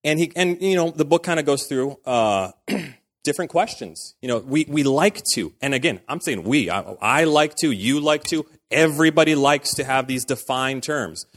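A man's voice: a little high, lively intonation, moderate pace, a bit bright. A man, likely a pastor, giving a casual, conversational sermon in a church, full of fillers and acted-out quotes.

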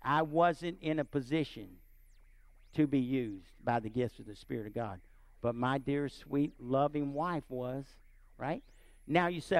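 A man preaching and telling a personal story, animated and often checking in with his listeners. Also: medium pitch, unhurried, no echo. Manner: animated, asks the audience often. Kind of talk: sermon storytelling.

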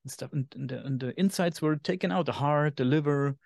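A man with a German accent chats casually as a podcast co-host, his voice a little higher than most men's. He stops now and then to find the right English word. The sound is close and dry, with no room around it. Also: vocal fry, darkish tone, no echo. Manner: halting, searches for English words. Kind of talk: casual chat.

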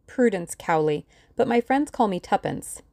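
A woman voicing an eager, excitable young woman who speaks quickly and brightly. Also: medium pitch, no echo, clean studio sound, voice pushed up, natural voice.

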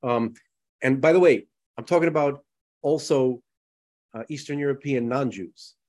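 A man's voice: medium pitch, moderate pace, darkish tone. Rambling man chatting on a podcast. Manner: rambling, many restarts and "you know"s. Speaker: podcast co-host. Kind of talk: casual conversation.

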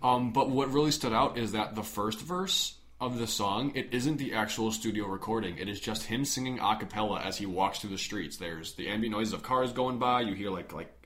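A man's voice: lowish voice, moderate pace, hardly any pauses, fairly bright tone. A young man co-hosting a podcast, chatting casually and rambling with frequent restarts. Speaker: podcast co-host. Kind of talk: casual chat.

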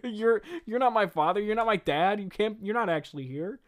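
A man's voice: sits high, animated, fairly quick, pitched above the performer's own voice. A man reading as a whiny, upset young man.

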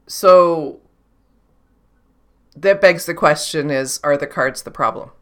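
A woman's voice: low-pitched, slow pace, fairly bright tone. A woman who works as an intuitive channeler, thinking aloud in a reflective solo talk, questioning herself and restarting her sentences often.

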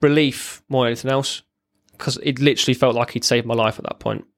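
A man, a former serviceman, telling his own story as a podcast guest in a halting, plain-spoken way. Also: medium pitch, fairly even intonation, dry recording. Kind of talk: candid personal storytelling.

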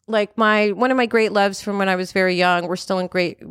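A woman's voice: medium pitch, fairly even intonation, a little fast, fairly bright tone, smooth, no echo, clean studio sound. A woman in her fifties hosting a podcast, talking frankly and animatedly, with frequent swearing. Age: 50s. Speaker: podcast host. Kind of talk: candid conversational chat.

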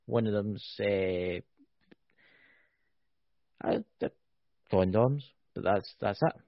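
A Scottish man hosts a loose, joking podcast chat, and his voice has a gravelly edge. He stretches words out as he explains them. The sound is dull and lo-fi. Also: fairly low pitch, takes it slowly, no echo. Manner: banters and teases, drawls words out when explaining. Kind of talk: casual chat.

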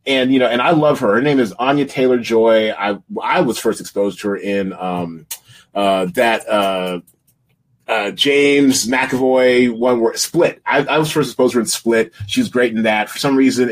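A man in his forties co-hosting a casual movie podcast, rambling and laughing, trailing off while searching for names. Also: medium pitch. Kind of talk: casual chat about movies.

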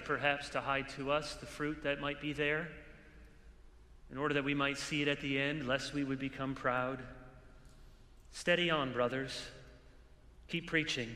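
A man delivers an exhorting sermon at a conference, earnest and slipping in dry humor. His voice is bright and sharp-edged. The sound rings with a long hall reverb. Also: on the high side. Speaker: preacher. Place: large hall with an audience.

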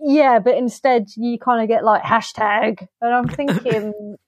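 Woman, higher voice, lively podcast co-host, dry close mic. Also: normal speed, no echo. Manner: animated, chatty, acts out quoted lines. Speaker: film review podcast co-host. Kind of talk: casual chat.

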